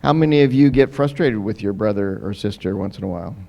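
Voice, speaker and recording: A man's voice: fairly low pitch, fast talker, creaky, muffled recording. Man telling kids a church story. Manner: lively, asks the children frequent questions. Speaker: pastor telling a children's story. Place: church sanctuary.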